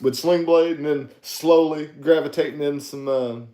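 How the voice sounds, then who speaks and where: A man's voice: fairly high pitch, fairly even intonation, normal speed, dark tone. A man co-hosting a podcast, teasing his partner and laughing often in casual chat. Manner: teasing, giggly, talks to viewers as "y'all". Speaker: podcast co-host. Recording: echoey room.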